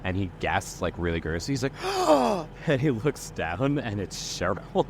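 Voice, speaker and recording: A man's voice: deep voice, lively intonation, normal speed, a little hiss or hum. A man running an improvised tabletop role-play as game master, telling the story loosely with lots of fillers.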